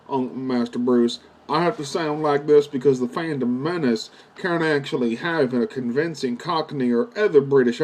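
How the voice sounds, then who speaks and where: A man voicing a slow, patronizing older male butler in a low drawl. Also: darkish tone, close to an everyday voice.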